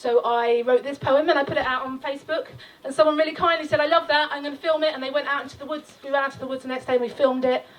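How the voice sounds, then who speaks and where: A middle-aged woman performs spoken-word poetry live, her high voice pulsing with rhythmic, impassioned force. She heard a little distant from the microphone, as if recorded from across an outdoor stage. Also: steady tone, fast, hardly any pauses. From England. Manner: rhythmic, impassioned delivery with chanted refrains. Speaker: performance poet.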